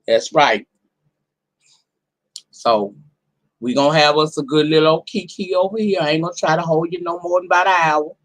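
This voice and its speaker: A woman in her forties hosting a casual live stream from home, her voice hoarse from a cold, talking in a sassy, profane way straight to her viewers. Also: low-pitched, normal speed, pauses often. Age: 40s. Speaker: livestream host.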